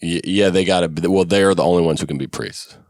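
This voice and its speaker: A man's voice: low-pitched, quick pace, a little mellow, no echo, clean studio sound. A man co-hosting a casual comedy podcast, talking in a playful, slangy way. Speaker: podcast co-host.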